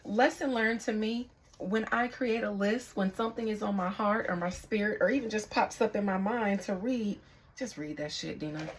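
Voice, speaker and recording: A young woman speaking as a psychic reader in a casual, candid vlog monologue, reflective and quick to swear. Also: mid-range voice, slight background noise, poor audio.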